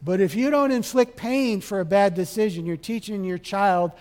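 Male pastor, high voice, lively sermon delivery that jumps between loud and quiet, long reverb of a big hall. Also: fairly quick, hardly any pauses. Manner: animated, acts out dialogue, shifts from loud to soft.

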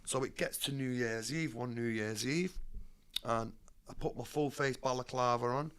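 A man's voice: medium pitch, normal speed, a bit bright, smooth. A man, a guest in an interview, telling his life story bluntly, streetwise and swearing freely.

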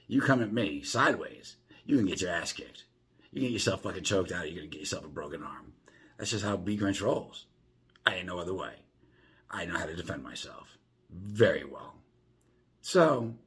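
A man's voice: low-pitched, husky. A man hosting a podcast from his home, rambling through a profane, casual monologue full of restarts. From South Florida. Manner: animated, rambling, swears constantly, restarts often. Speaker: podcast host.

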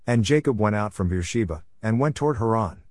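A man reading scripture aloud, steady and measured. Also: on the low side, no echo, studio quality. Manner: steady measured reading with rising phrase openings. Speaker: scripture reader.

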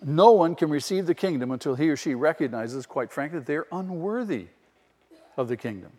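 Male pastor, sermon, emphatic, rhetorical questions, fairly high voice, long reverberant hall. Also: expressive, a little fast, dark tone, husky.

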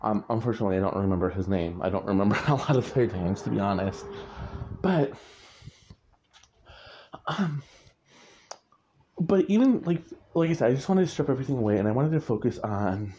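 A male author speaks in a warm, lowish voice, brisk but pausing often, as he casually rambles about his writing. He regularly corrects himself and chuckles. It's a muffled, lo-fi recording.

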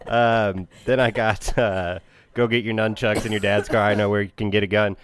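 A man's voice: on the low side, little pitch movement, moderate pace, a little hiss or hum. A man co-hosting a podcast, chatting casually about a movie, laughing often, swearing and acting out lines from it. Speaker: podcast co-host.

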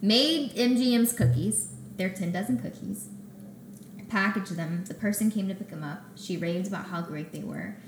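A young woman telling her story as a guest in a casual interview, acting out her own quotes with animated energy. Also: medium pitch, normal speed, slight background noise. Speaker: guest, baker and business owner. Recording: echoey room with faint ambience.

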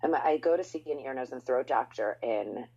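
Podcast host, woman, low and husky, animated storyteller, dull lo-fi recording. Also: fairly quick. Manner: animated storytelling, swooping up in pitch for emphasis. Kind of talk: casual chat. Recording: dull lo-fi sound.

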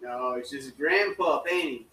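A man's voice: medium pitch, a little slow, bright, forceful tone, slight background noise. A man co-hosting a podcast in casual chat outdoors by a fire, swearing a lot and teasing his friends. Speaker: podcast co-host. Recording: echoey outdoor sound from far off mic.

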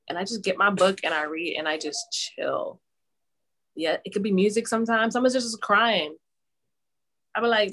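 A young woman chatting casually on a podcast among friends. She tells her stories in a relaxed, easygoing way, with a middle-pitched voice. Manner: chatty, laid-back storytelling. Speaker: podcast co-host. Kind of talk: casual chat.

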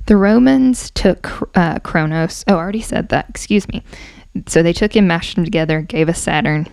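A woman casually explaining folklore in a chatty monologue, hoarse and a little out of breath, correcting herself as she goes. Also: fairly low pitch, a little mellow, no echo. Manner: chatty, self-correcting, with asides and laughs. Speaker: podcast host explaining folklore.

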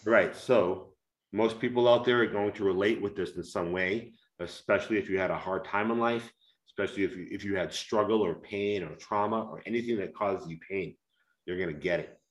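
A man with a lowish voice speaks slowly and enunciates each word with care. He talks as an author being interviewed and reads passages from his book. The room around him rings with a noticeable echo. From United States. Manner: slow, carefully enunciated delivery to be easily understood. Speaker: author and guest. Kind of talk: conversational interview, reading aloud from his book.

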